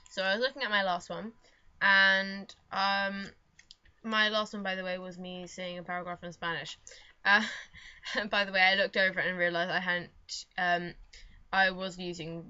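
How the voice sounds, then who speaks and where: A woman's voice: lowish voice, pushed and bright. A young woman vlogging in casual chat at home, rambling and self-mocking with lots of fillers. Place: home room. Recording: dull lo-fi home recording.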